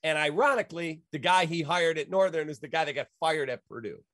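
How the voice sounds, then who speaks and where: Here the same sort of middle-aged Chicago-area storyteller talks a little fast with a fairly high pitch, lively and casual, voicing the people he quotes. The studio recording is clean with no echo.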